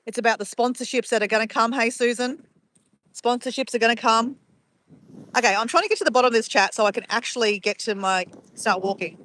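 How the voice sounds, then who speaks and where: A chatty woman with a bright, fairly high voice talks live to her viewers from her phone. She walks outdoors at sunrise, reading out chat messages as she goes. The sound is close and dry. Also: brisk, dry recording. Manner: chatty, greets viewers by name and reads chat aloud. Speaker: live streamer. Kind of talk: casual live-stream chat.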